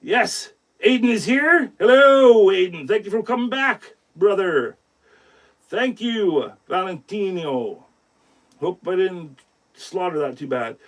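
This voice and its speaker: A man's voice: sits high, expressive, slow, a bit bright. A man hosting a woodcarving live stream, chatting casually and rambling as he greets viewers by name and talks about his work. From Canada.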